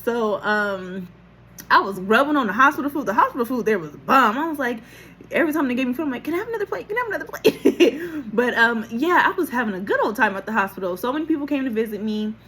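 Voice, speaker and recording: A woman recording herself on her phone, telling a personal story in a casual, animated way, laughing often and acting out what people said. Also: fairly high pitch, fast talker, husky. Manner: animated, laughing, acts out quotes, casual swearing. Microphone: phone camera.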